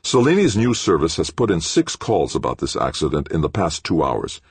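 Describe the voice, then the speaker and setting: A man's voice: low-pitched, sing-song, moderate pace, breathy edge, no room sound, pitched above the performer's own voice, full character voice. A man voicing an angry male corporate executive who snaps and insists on results. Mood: demanding. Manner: snapping, insistent.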